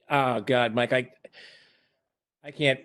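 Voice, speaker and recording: An older man telling stories in a relaxed, chatty way, often stopping and restarting mid-thought. His voice sits in a middle register. The sound is close and dry, as over a video call. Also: medium pitch, no room sound. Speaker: former emergency department chair and program director. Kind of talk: casual storytelling on a video call.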